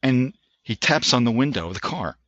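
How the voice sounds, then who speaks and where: A man in his sixties telling a story as a podcast guest. He talks in an animated way, with frequent restarts, and acts out the voices of people he quotes. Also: medium pitch, normal speed, dry recording, muffled recording. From United States. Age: 60s. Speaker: guest, Army veteran. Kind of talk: anecdotal storytelling in a podcast interview.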